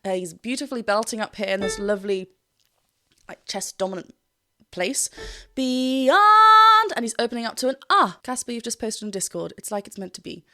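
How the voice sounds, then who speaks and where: A woman's voice: medium pitch, quick pace, fairly bright tone. A woman with a British accent, a vocal coach chatting enthusiastically while analysing a singer and sometimes singing a phrase. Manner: enthusiastic and chatty, often sings short phrases to demonstrate. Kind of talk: reaction video with vocal analysis. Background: faint music from the video being reacted to.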